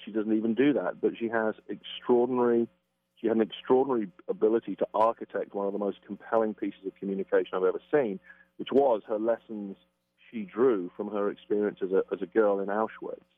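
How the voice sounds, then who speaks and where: A man's voice: fairly low pitch, steady tone, fairly quick, dry recording. A man explaining communication as an interview guest, emphatic and acting out quoted reactions. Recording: tinny phone-line sound.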